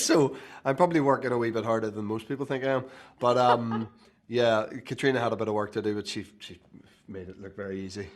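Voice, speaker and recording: A man with a Belfast accent, guest on a television interview, talking in a casual, joking way and laughing often. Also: lowish voice. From Northern Ireland. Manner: joking, laughing, self-deprecating. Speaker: actor guest.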